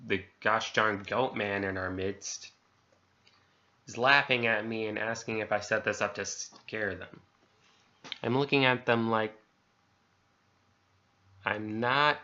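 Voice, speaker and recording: A man's voice: fairly low pitch, bright, forceful tone. Man reading a horror story in lo-fi sound. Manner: swaps swear words for mild stand-ins; stumbles and restarts while reading. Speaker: story reader. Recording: dull lo-fi sound.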